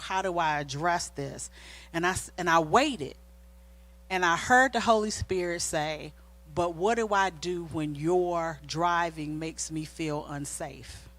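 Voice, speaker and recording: A middle-aged woman co-hosting a church marriage talk, telling a personal story in a casual, sermon-like way and acting out the quoted dialogue. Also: mid-range voice. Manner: animated, acts out quoted dialogue. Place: church sanctuary.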